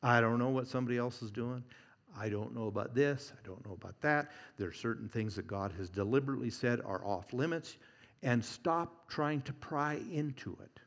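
A man preaching a sermon, conversational and humorous, swinging from loud emphasis to hushed near-whispers and chuckling at his own points. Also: mid-range voice, moderate pace, creaky.

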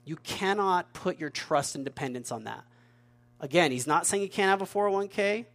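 A man's voice: sits high, lively intonation, moderate pace, fairly bright tone. A man preaching a sermon in a conversational way, often repeating words and asking the audience questions. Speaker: pastor.

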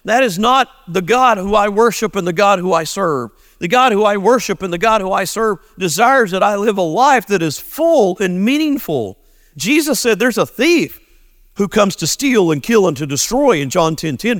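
A pastor preaching in an earnest, animated voice that swings widely in pitch, slowing and sinking low on his key phrases. His voice sits a little high for a man, and the recording is dry and close, with no room sound. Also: no echo. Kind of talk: sermon.

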